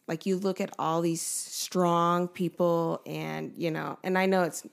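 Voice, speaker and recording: Woman guest, heavy vocal fry, lowish voice, candid casual podcast talk. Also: flat delivery, unhurried. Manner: earnest, candid, reflective. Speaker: podcast guest, gingerbread baker.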